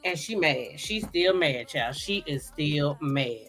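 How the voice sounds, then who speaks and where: Woman host, lowish voice, sassy soap recap chat, faint music under. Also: slow pace. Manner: sassy, animated storytelling with acted quotes.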